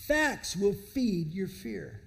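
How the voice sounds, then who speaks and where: Male pastor, emphatic sermon delivery, gravelly texture, high and lively pitch, big reverberant hall. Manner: dramatic, emphatic preaching with long pauses.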